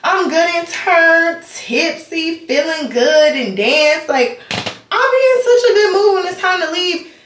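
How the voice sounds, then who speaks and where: Young woman, high voice, dramatic storytime vlog, echoey room. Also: unhurried, a little hiss or hum. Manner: animated, dramatic retelling with laughs. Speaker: vlogger. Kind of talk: casual storytime chat.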